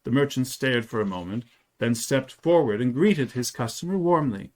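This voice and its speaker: A man reading a 19th-century story aloud, telling it in an expressive, dramatic way. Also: mid-range voice, moderate pace. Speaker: reader.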